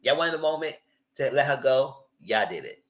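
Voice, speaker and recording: Brief: animated male reality-TV commentator, blunt, slangy, mid pitch. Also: normal speed, rough recording. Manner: animated, outspoken, heavy slang. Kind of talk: live recap chat.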